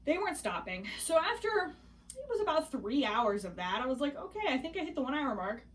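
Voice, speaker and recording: A young pregnant woman telling a story in a casual vlog, chatty and animated, laughing often and hiccuping now and then. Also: sits high, a little fast, recorded from a distance, slight background noise. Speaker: vlogger.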